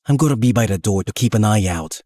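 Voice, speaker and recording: A man voicing a dry, sarcastic young male secret agent in an animated story. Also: on the low side, fast, dry recording. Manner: dry, teasing, deadpan.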